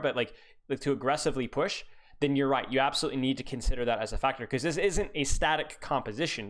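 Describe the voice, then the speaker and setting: Male coach, live-stream review. Rambling, teasing, restarts often. Mid-range voice. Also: medium pitch.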